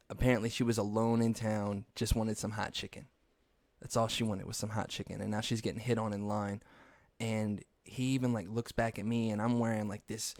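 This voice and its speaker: A man's voice: fairly low pitch, darkish tone, no echo. A young man hosting a podcast, rambling through casual, profane stories and laughing at his own jokes. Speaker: podcast host. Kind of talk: casual storytelling monologue.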